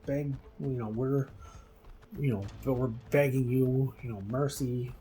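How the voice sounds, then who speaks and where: A man's voice: mid-range voice, fairly even intonation, measured pace, dark tone, slight background noise, natural voice. A man voicing desperate bearded male dwarves who beg with stammering repeats. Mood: pleading. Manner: frantic stammering repetition.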